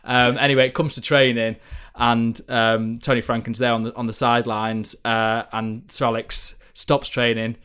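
A man's voice: medium pitch, flat delivery, normal speed, hardly any pauses, bright, forceful tone, clean tone. A young man, a football correspondent, telling stories in a chatty, rambling way on a podcast. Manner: chatty storyteller, many ums and restarts. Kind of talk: podcast chat.

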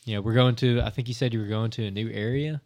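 A man's voice: mid-range voice, fast. Easygoing man who laughs easily. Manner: relaxed, laughs easily, prompts with questions. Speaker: podcast co-host. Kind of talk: casual hunting chat.

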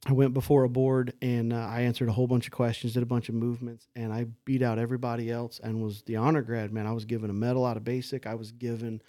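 A man's voice: medium pitch, flat delivery, quick pace, hardly any pauses, warm tone, dry recording. A man telling stories from his past as a podcast guest, candid and self-deprecating, dropping "man" and "dude" into his sentences. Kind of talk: casual podcast storytelling.

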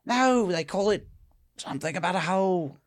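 A man voicing a snobbish upper-class English gentleman at a cookout, haughty and disdainful. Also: high voice, lively intonation, normal speed, voice pushed up. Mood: prim.

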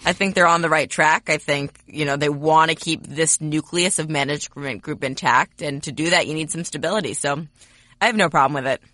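A woman's voice: deep voice, a little fast, a bit bright, no room sound. A woman co-hosting a sports podcast, chatting casually with wry, sarcastic quips. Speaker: podcast co-host.

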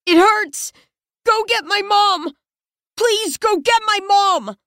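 Wounded teen boy, read by a woman, high and strained, crying and begging throughout. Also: slow pace, darkish tone, dry recording, studio quality, exaggerated voice. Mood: pleading, sobbing. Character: badly wounded teenage boy, sobbing and pleading.

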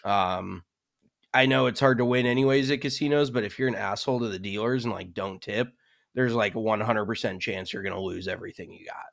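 A young man co-hosting a podcast in relaxed, chatty conversation. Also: fairly low pitch, brisk, gravelly. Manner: relaxed and chatty, frequent fillers. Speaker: podcast co-host. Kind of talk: casual chat.

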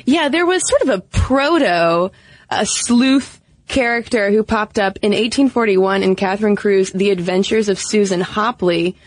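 A woman's voice: mid-range voice, unhurried, dry recording. A woman co-hosting a podcast in a chatty, playful way, talking casually and laughing easily. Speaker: podcast co-host. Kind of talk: casual chat.

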